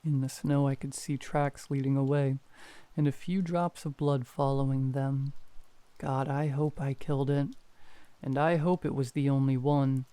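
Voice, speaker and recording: A man calmly reading horror stories aloud as a scripted narration. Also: medium pitch, a little slow, clean tone, no echo. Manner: calm, even reading.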